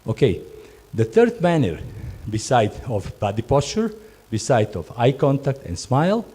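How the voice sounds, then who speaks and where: A man's voice: medium pitch, very animated, a little slow, mellow, breathy edge. A man training job candidates in hospitality, speaking non-native English in an emphatic way and often repeating and restarting his words. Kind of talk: instructive talk to job candidates.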